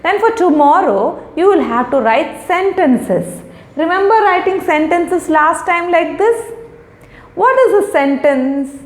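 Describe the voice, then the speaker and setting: A woman's voice: very high-pitched, lively intonation, takes it slowly. A middle-aged woman teacher, patiently sounding out and explaining words for young children. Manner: patient, repeats and explains each word. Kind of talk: recorded lesson for young children. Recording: echoey room.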